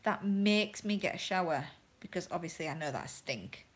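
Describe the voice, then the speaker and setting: A woman's voice: fairly low pitch, expressive, normal speed, rough recording. A woman, a vlogging mother, chatting on a casual livestream and rambling through stories with many fillers. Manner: rambling, filler-heavy storytelling with laughter.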